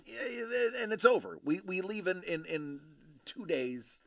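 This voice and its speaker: A man in his thirties telling a story in casual chat, acting out the people in it with animated voices. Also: high-pitched, a little slow, creaky, no echo, studio quality. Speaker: show host telling a story.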